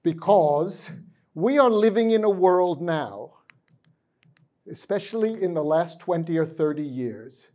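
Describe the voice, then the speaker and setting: A man's voice: on the high side, animated, a little slow, dark tone. A man from the United States giving a university lecture in a large conference room, putting questions to the audience and mixing Japanese phrases into his English. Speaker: guest lecturer.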